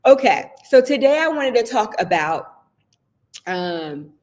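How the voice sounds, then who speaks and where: A woman's voice: fairly high pitch, very animated, takes it slowly, darkish tone. Chatty woman hosting a live stream. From Southern United States. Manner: chatty and personal, often asks "right?" and laughs. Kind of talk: casual live-stream chat.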